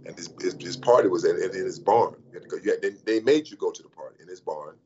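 A man in his sixties telling stories as an interview guest, animated, with frequent restarts and repeated "I mean". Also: sits low, quick pace, dull audio, slight background noise. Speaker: interview guest, former pro athlete. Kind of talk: animated storytelling in conversation.

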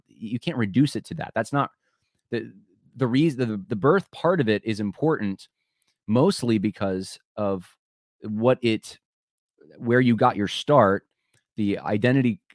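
Low-voiced man musing in a dry room. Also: dry recording. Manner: thinking aloud, rambling with frequent restarts; conversational, addresses listeners directly. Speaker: podcast host. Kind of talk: solo commentary podcast.

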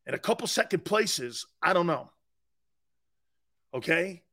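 A man's voice: on the high side, expressive, measured pace, sharp tone. A man hosting a sports talk show, delivering a brash, opinionated monologue that rambles and repeats its points.

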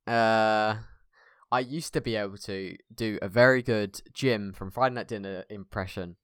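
A man's voice: fairly low pitch, steady tone, normal speed, clear, resonant tone, no echo, clean studio sound. A young English man co-hosting a podcast, rambling and hesitant in casual banter. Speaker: podcast co-host.

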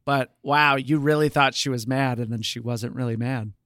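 A man's voice: mid-range voice, fairly even intonation, normal speed, fairly bright tone, no room sound, clean studio sound. A man co-hosting a podcast, casually retelling show episodes with plenty of um and like. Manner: chatty storyteller, lots of um and like. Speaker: podcast co-host. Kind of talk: casual chat recapping a show.

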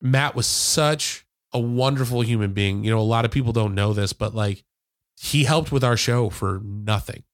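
A man's voice: mid-range voice, normal speed, dry recording. A man in his thirties co-hosting a podcast, talking in a heartfelt, rambling way with many fillers and restarts, close to tears. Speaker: podcast co-host and editor. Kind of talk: casual podcast conversation. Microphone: headphones and studio microphone.

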